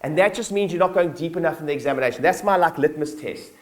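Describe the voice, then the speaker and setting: A man giving a live keynote talk to his staff at a company conference, energetic and blunt, swearing casually and acting out little scenes. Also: fairly high pitch, fast talker. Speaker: business owner addressing his staff.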